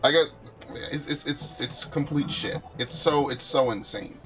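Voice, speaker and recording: A man's voice: mid-range voice, a little slow, faint music behind. A young man streaming a game, telling stories in casual, profane chat with a friend. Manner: animated, profane storytelling.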